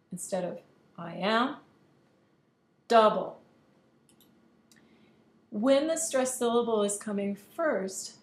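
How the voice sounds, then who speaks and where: A woman teaching an online high school literature lesson, explaining clearly and patiently and exaggerating stressed syllables in her examples. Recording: roomy echo, faint background hiss.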